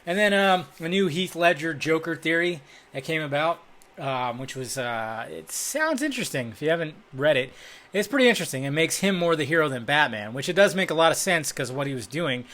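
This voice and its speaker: Speaking briskly with lively intonation, a man with a fairly high, somewhat bright voice rambles casually about film news. He swears freely, recording in a dim room with a desk microphone and webcam.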